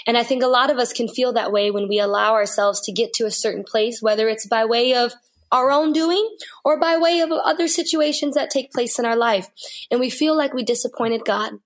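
A woman's voice: on the high side, a little fast. Earnest woman sharing a faith testimony. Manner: earnest, heartfelt, repeats phrases for emphasis. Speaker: guest. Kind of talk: faith interview, personal testimony.

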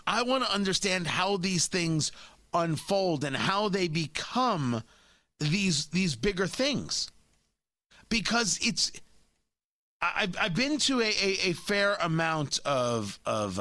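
Male talk radio host, animated and opinionated, tight dry studio sound. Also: high voice, dry recording.

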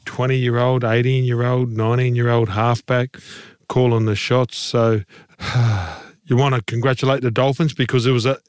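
A man's voice: mid-range voice, little pitch movement, normal speed, clear, resonant tone, dry recording, clean studio sound. Blunt man talking footy. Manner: blunt, passionate, folksy. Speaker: podcast co-host, former rugby league player. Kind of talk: casual sports chat. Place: podcast studio.

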